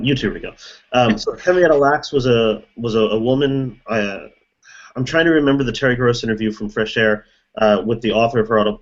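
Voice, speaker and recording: Man explaining over lo-fi call audio. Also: medium pitch. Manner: thinking aloud, explanatory. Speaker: meeting participant. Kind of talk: casual group discussion.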